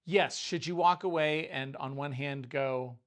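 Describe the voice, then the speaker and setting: A man's slightly high voice moves a little slowly through an informal sermon. He's a pastor who jokes around, interrupts himself, and frequently stops and restarts sentences in a conversational style.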